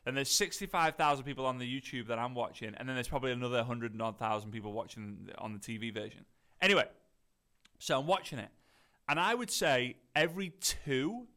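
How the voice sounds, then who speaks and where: A man's voice: mid-range voice, sharp tone. A man with a Scouse Liverpool accent giving a chatty, rambling motivational talk as a coach, often asking "right?" and restarting his sentences. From Liverpool area, England.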